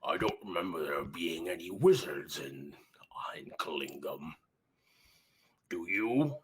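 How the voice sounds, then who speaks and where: A suspicious orc chieftain with a low, hissing voice, as a man puts him on, questions the party with quiet menace. The voice sits low and leans breathy. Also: lively intonation, takes it slowly, crowd noise, heavily acted.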